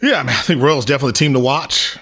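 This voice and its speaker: A man co-hosting a sports talk show, giving his picks in a relaxed, easygoing way. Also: mid-range voice, racing, slightly rough. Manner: relaxed, easygoing, uneven pace. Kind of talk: casual sports chat.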